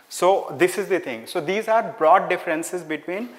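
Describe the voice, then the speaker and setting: A man with an Indian English accent teaching an online class, explaining slowly, repeating key words and slipping into Hindi phrases. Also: high-pitched. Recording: hall-like reverb.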